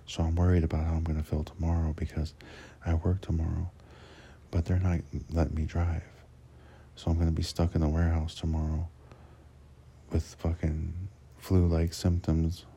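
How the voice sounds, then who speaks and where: A man's voice: extremely low pitch, completely flat delivery, moderate pace, creaky, warm tone, slight background noise. A man who drives a truck for work, telling a rambling, crude and profane story in a casual monologue, often restarting his sentences.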